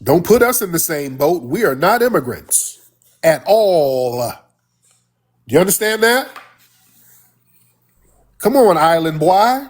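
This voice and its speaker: A man hosts a live stream and scolds a caller, repeating "sir" with sharp disdain. His voice is husky and somewhat high for a man. His pitch leaps around a great deal as he argues. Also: sing-song, slow pace, long pauses. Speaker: livestream host. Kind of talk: heated live-stream argument. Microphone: phone or desktop mic on live stream.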